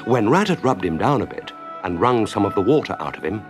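A man reads a children's story aloud in a low voice that rises and falls widely as he acts out the scene. Clear background music plays under his narration throughout. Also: big pitch swings, brisk.

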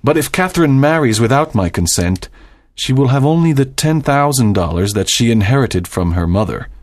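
A man's voice: mid-range voice, expressive, normal speed, close to an everyday voice. A man voicing a stern, proud doctor and father in a dramatized audiobook, speaking formally and with emphasis.

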